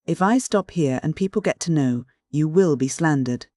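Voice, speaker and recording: A man reading the lines of a dignified young gentleman, measured and sometimes biting. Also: on the high side, lively intonation, no room sound, clean studio sound, natural voice. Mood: restrained. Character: dignified young gentleman, wry and easily piqued.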